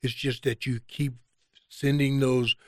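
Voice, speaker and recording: A man's voice: mid-range voice, flat delivery, a little slow, a little mellow, no echo, studio quality. A man, a podcast guest, talking conversationally and acting out quoted exchanges in a raised voice. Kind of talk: conversational storytelling.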